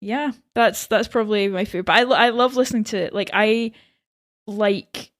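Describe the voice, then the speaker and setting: A chatty woman hosting a podcast, talking freely and animatedly. Her voice sits at an ordinary middle pitch. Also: moderate pace. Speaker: podcast host. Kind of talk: casual chat.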